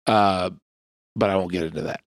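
A man's voice: sits low, normal speed, no echo. A man co-hosting a casual movie review podcast, talking in a laid-back, hesitant way with many fillers. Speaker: podcast co-host.

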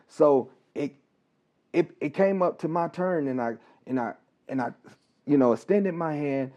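Mellow-voiced man telling a story haltingly. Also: fairly high pitch. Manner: halting, with pauses, restarts and repeated words. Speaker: licensed professional counselor. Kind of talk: personal storytelling on a podcast. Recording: dull, slightly lo-fi recording.

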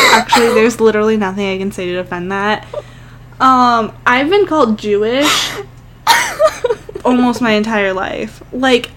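A young married woman co-hosting a podcast, self-mocking and animated in casual chat, laughing often. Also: fairly high pitch, slight background noise. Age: young adult. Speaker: podcast co-host.

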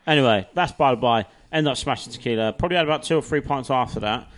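A young man on a casual podcast, telling a rowdy night-out tale in a mid-pitched voice and laughing often. He speaks with laddish energy. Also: quick pace. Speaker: podcast co-host. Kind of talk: casual chat.

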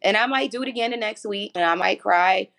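A woman's voice: medium pitch, brisk, gravelly, a bit bright. A woman in her forties talks openly as an interview guest. She tells her stories with animation and laughs often along the way. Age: 40s. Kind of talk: casual chat.

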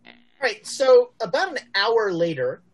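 A woman narrating as game master in a tabletop game, halting with many fillers. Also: fairly high pitch, very animated.

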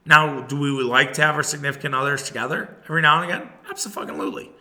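Bright-voiced man ranting casually. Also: fairly high pitch, quick pace. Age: 30s. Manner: profane, animated, talks to listeners directly. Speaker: podcast host. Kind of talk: casual solo podcast rant.

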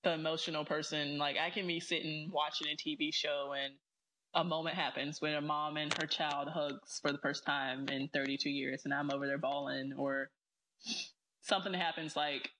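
A woman's voice: sits low, fairly even intonation, normal speed, pushed and bright, a little hiss or hum, poor audio. A woman hosting a podcast, encouraging her guest and laughing often in casual chat. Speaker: podcast host. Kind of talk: casual conversational interview.

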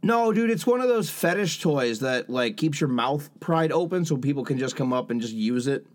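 A man's voice: on the high side, animated, moderate pace. A man co-hosting a podcast, making dry, sarcastic jabs in casual crude chat. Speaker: podcast co-host.

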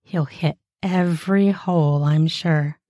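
A woman reads explicit first-person fiction in an unhurried, drawn-out way, lingering on every word. Her voice is soft and mellow, and she drops crude, mocking asides into the narration. The sound is dry and close, with no room around it. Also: sits low, fairly even intonation, dry recording. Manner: slow, deliberate delivery with crude, mocking asides.

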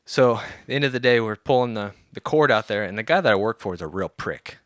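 A man telling a story on a podcast in a casual, animated and profane way. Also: on the low side, quick pace, dry recording, clean studio sound.

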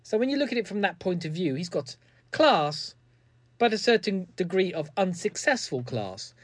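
Sarcastic man, lively voice. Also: high voice, moderate pace, no echo. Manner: sarcastic, mocking. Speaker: commentator. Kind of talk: comedic commentary monologue.

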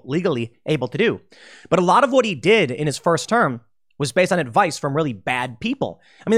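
A man delivers solo political commentary in a fairly high, lively voice that swings widely in pitch. He talks with animation and drops into mocking impressions whenever he quotes someone.

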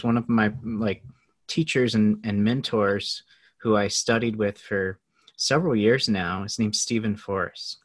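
Male guest, animated storyteller, laughs often, acts out quotes. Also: fairly low pitch. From United States. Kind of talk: casual storytelling interview.

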